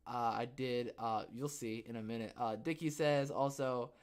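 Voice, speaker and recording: A young man hosting a casual livestream podcast, rambling and joking, who bursts into loud, excited outbursts. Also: medium pitch, moderate pace. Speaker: podcast host.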